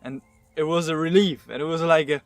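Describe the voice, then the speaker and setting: A man telling a personal story to camera, halting and earnest, repeating words as he searches for them. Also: a little high, steady tone, dry recording. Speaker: vlogger.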